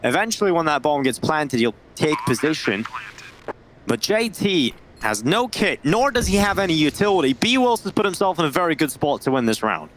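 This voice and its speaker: A man calling a video game match as a play-by-play caster, energetic and jokey. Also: on the high side, moderate pace. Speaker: esports caster. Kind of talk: play-by-play commentary. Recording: noisy game audio behind. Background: gunfire from the game.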